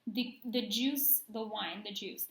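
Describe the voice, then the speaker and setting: A woman's voice: mid-range voice, slow pace, a bit bright. A woman co-hosting a casual wine review, chatty and playful, reading label notes aloud. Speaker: co-host. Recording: echoey room.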